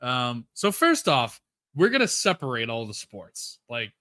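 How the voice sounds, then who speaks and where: A man's voice: medium pitch, wildly swooping pitch, unhurried, pushed and bright, dry recording. A man sarcastic, fed-up podcast co-host. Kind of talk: casual podcast chat.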